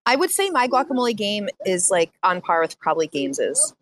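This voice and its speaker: A woman chatting in an online group call. She teases and laughs, and her pitch swings widely around a middle level. Faint noise sits behind her. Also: fairly quick. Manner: teasing, animated, laughs often. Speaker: guest. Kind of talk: casual chat.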